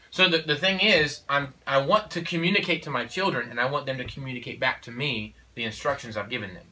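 A father of four talks parenting in a casual conversation, emphatic and preachy, saying "you know" and "okay?" again and again. His mid-range voice comes out rapid-fire, pushed and bright. The audio is poor, with the mic placed at a distance.

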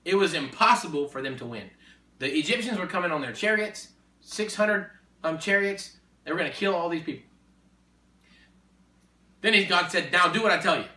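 High, bright-voiced man preaching. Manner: emphatic, repetitive, rising to forceful exhortation. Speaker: Christian speaker. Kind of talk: preaching in conversation. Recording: echoey room, distant mic.

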